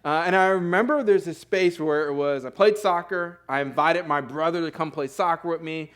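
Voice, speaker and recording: A man's voice: fairly high pitch, moderate pace, a bit bright. A young man preaching a sermon in a church, in a conversational, earnest way with fillers and self-corrections. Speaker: pastor. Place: church sanctuary.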